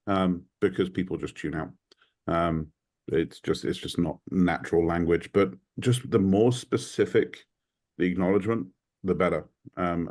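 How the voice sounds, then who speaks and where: A low-pitched British man talking on a video call. He speaks casually and with energy, filling his sentences with ums and likes. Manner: animated, frequent ums and likes. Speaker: community member sharing advice.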